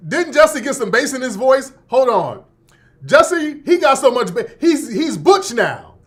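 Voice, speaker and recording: A man's voice: very high-pitched, very animated, a little slow. A man hosting a radio show, delivering a sarcastic, mocking commentary monologue with frequent laughs and repeated interjections.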